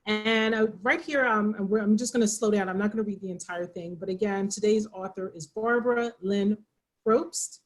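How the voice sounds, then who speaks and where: A woman's voice: mid-range voice, steady tone, brisk, few pauses, faint music behind, low-quality recording. A woman with a Pennsylvania accent hosting a library video call, chatty and rambling with frequent restarts. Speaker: library program host. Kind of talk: casual moderated video call.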